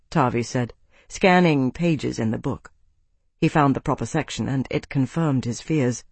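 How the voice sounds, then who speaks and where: With a steady, even storytelling manner, a man narrates a fantasy audiobook. His mid-range voice has a breathy edge, he speaks at normal speed, and there's no room sound.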